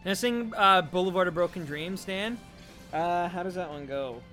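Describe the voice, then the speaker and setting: High-voiced man chatting on stream. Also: moderate pace, bright, forceful tone, faint music behind. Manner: rambling, jokey, answers chat. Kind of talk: casual livestream chat.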